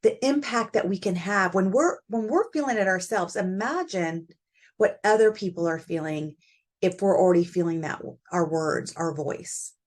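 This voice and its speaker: A middle-aged woman with a fairly low-pitched voice hosts a solo parenting talk. She speaks conversationally and thinks aloud as she goes, with plenty of fillers. Her tone is reflective and unscripted. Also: moderate pace. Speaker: podcast host.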